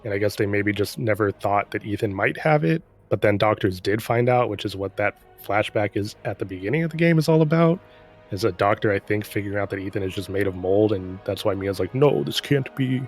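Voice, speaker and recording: A man's voice: lowish voice, brisk, husky, faint music behind. A man casually recapping a game's story in a rambling, profane, sarcastic way. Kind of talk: casual chat.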